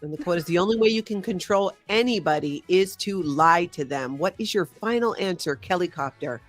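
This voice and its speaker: A woman's voice: on the low side, expressive, fairly quick, soft background music. A woman hosting a live-stream quiz, reading viewer names and scores aloud. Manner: reads out chat names and scores, upbeat. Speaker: host. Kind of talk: live-stream game chat.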